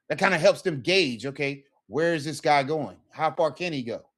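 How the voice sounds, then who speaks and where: Lively man teaching a casual language lesson. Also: fairly high pitch, moderate pace. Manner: lively, repeats "right?" often, acts out sample phrases. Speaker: Spanish teacher.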